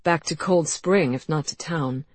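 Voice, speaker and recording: Brief: hoarse young man, grim and wry, low and husky, dry close read, voiced by a woman. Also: unhurried, no echo. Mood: rueful. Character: grim, shivering young male writer. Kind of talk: audiobook character voice.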